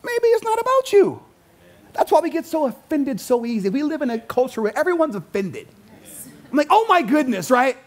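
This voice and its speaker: A man's voice: extremely high pitch, moderate pace. A male pastor preaching a sermon to his congregation, acting out quoted voices as he goes. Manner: animated, acts out quotes in voices. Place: church sanctuary.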